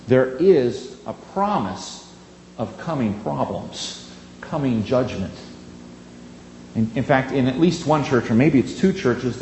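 A man preaching a sermon in an earnest, emphatic way, drawing out key words and pausing for effect. His voice sits at an ordinary middle pitch. It rings through a reverberant church space over a faint steady hum.

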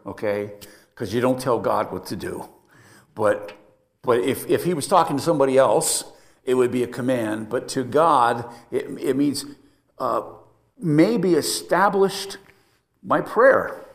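Man teaching from a psalm, conversational. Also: mid-range voice. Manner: conversational teaching with frequent fillers and restarts. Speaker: pastor. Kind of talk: Bible study sermon.

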